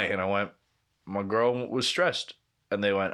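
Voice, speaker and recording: Male podcast co-host, bright edgy voice, profane laughing storyteller. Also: lowish voice, expressive, brisk. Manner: profane, laughing anecdotes with quoted dialogue. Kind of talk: casual storytelling chat.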